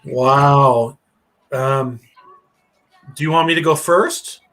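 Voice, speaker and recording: A man's voice: medium pitch, slow pace, a bit bright. A man appearing as a guest on a livestream podcast, chatting and reminiscing about old shows. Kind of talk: casual chat.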